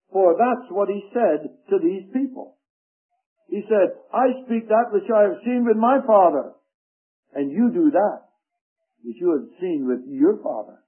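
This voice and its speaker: A man preaching a sermon, slow and emphatic, reading scripture aloud. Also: high-pitched. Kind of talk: radio sermon. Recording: tinny phone-like radio broadcast.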